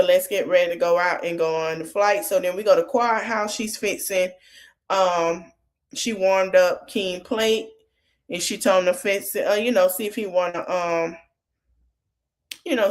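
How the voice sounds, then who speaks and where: Woman podcaster doing a laid back episode recap, lowish voice, lots of um and you know. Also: steady tone, moderate pace. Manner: retells scenes quoting each line of dialogue; loose, conversational with many fillers. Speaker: podcast host. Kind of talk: casual TV recap.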